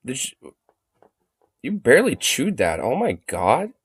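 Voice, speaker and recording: A man's voice: mid-range voice, huge pitch swings, unhurried, slightly rough, no echo. A man casually reacting to a video with crude jokes and frequent laughter.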